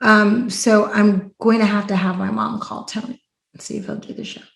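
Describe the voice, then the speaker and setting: Animated woman podcast host, roomy sound. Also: mid-range voice, normal speed, creaky. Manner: animated storyteller, acts out quotes loudly. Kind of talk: casual podcast chat. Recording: roomy echo.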